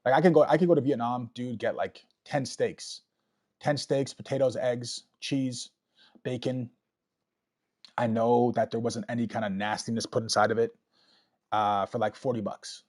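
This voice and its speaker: A man's voice: mid-range voice, fairly even intonation, normal speed, a little mellow. A man giving rambling, casual commentary while playing a video game and chatting with viewers. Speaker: let's play streamer.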